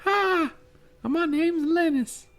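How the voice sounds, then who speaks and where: A man voicing a dying young green boy, breathy and out of breath, as a joke in a podcast chat. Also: very high-pitched, slow, fairly bright tone, voice pushed up, exaggerated voice. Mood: gasping, dying. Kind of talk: comic put-on voice in a podcast chat.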